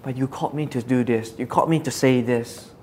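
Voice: medium pitch, normal speed, a little mellow, a little hiss or hum, lightly acted. A preacher voicing a weary, frustrated prophet, an adult man, in a lamenting, pleading way. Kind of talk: Bible teaching with spoken quotes.

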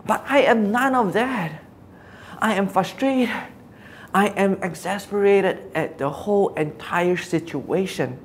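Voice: mid-range voice, moderate pace, darkish tone, a little hiss or hum, lightly acted. A preacher voicing a weary, frustrated prophet, an adult man, in a lamenting, pleading way. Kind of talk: Bible teaching with spoken quotes.

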